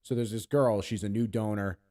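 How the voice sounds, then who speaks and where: A man's voice: on the low side, steady tone, a little fast, mellow. Rambling, profane man telling a story. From Pennsylvania, USA. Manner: rambling, profane, acts out voices in his stories. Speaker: podcast co-host. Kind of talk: casual storytelling chat.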